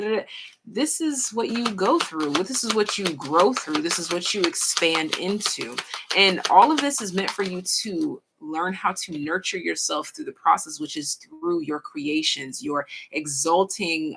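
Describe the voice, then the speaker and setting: A young woman with a husky, slightly low voice runs a casual pick-a-card tarot reading. She talks frankly in slang, swears freely and drags out her pauses as she works through each card. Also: pushed and bright. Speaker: tarot reader.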